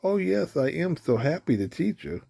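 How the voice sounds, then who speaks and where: A man's voice: on the high side, sing-song, normal speed, vocal fry, warm tone, dry recording, soft background music, voice pushed up, heavily acted. A man voicing a shy, eager-to-please furry little boy monster in a storybook read-aloud. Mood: earnest.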